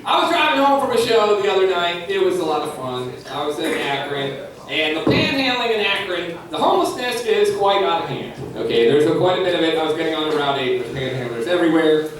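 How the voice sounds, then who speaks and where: Lively young man doing stand-up. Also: on the high side, a little fast, far from the mic, crowd noise. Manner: crude, animated storytelling. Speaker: stand-up comedian. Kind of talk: stand-up set. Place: comedy club stage. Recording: echoey club from afar, loud audience.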